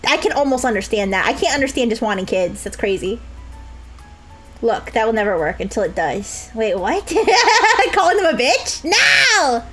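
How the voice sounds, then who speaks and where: High-pitched, lively woman streamer. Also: moderate pace, soft background music. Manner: joking, laughs a lot, high squeals. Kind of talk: casual game commentary.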